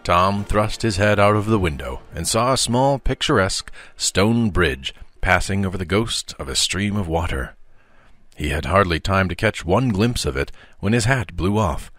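Brief: dad narrator, low voice with lively rise and fall, dry close mic, audiobook. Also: male voice, dry recording. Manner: expressive, measured storytelling. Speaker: father reading aloud.

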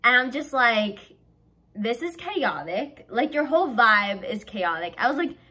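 Bright-voiced chatty young woman. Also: a little high, normal speed. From American South. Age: young adult. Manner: chatty and animated, heavy use of "like". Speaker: vlogger. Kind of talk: storytime vlog.

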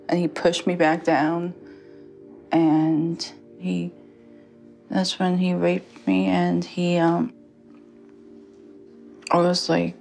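A young woman telling her own story in a halting way, full of fillers and restarts. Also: lowish voice, creaky, a little mellow. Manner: halting, many fillers and restarts, quotes others. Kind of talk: personal testimony.

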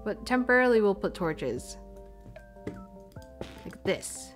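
Soft background music plays under a young woman's mid-range, sing-song, slow voice. Speaking Canadian English into a desk microphone in her home room, she sometimes drifts from the mic while casually live-streaming her play, thinking aloud and apologizing.

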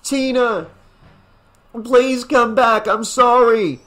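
A man voicing a frantic, guilt-stricken father who shouts and pleads, in a fan audiobook reading. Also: extremely high pitch, steady tone, extremely slow, pitched above the performer's own voice, heavily acted. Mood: desperate shouting.

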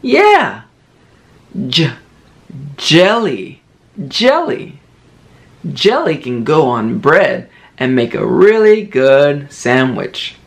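A man teaching toddlers their first words, modelling each word slowly and with exaggerated sing-song emphasis. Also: on the high side, big pitch swings, vocal fry. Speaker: children's teacher. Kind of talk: slow toddler lesson.

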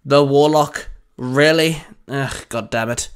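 A man's voice: on the high side, very animated, normal speed, fairly bright tone. A man voicing a sarcastic, bitter alien boy genius with a grumbling manner. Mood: irritated.

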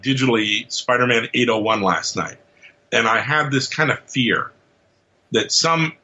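A man talking as a podcast guest in casual chat, animated and jokey, acting out little scenes as he talks. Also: medium pitch. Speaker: comic book writer, podcast guest. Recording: dull lo-fi audio.

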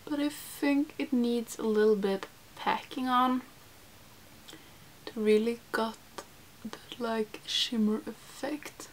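A woman's voice: a little high, steady tone, slow pace, slight background noise. Chatty young woman doing a makeup vlog. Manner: chatty, self-deprecating, many fillers, drops into soft whispers while applying makeup. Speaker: beauty vlogger. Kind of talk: casual makeup tutorial chat.

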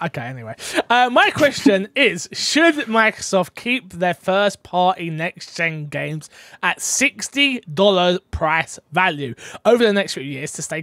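Bright-voiced man hosting a podcast. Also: high voice, dry recording, clean studio sound. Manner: playful, teasing, reads listener questions aloud. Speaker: podcast host. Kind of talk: casual podcast chat.

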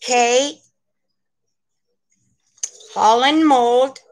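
Speaking slowly in a slightly high voice, a woman hosts a live online vintage sale from indoors at home. She rambles in a friendly manner to her viewers, and the audio quality is poor.

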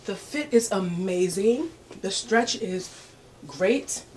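A woman's voice: mid-range voice, lively intonation, slow, a little mellow, a little hiss or hum. Sassy, playful woman fashion vlogger. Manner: playful, sassy, laughs often. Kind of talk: casual try-on haul chat.

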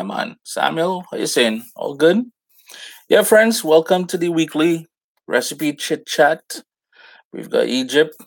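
A gravelly-voiced man with a Trinidadian accent hosts a live cooking stream. He talks in an easygoing, casual way and greets viewers by name with Caribbean slang. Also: on the high side. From Trinidad and Tobago. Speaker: cooking show host.

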